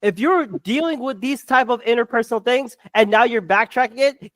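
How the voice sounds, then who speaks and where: A podcast co-host in a full sports rant, voice pitched in the middle of the range and recorded dry and close to the mic. The talk runs hot and fast, with curses and repeated stumbling starts as the thoughts pile up. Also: a bit bright, no echo. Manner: fast, fired-up, swearing, stammering restarts.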